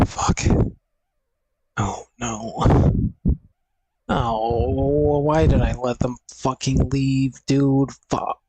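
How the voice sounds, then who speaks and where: Talking casually to viewers from his home, a young man groans and swears into a desk microphone, short of breath and in pain, half speaking to himself. The audio is poor, and his medium-pitched voice is husky with a darkish tone.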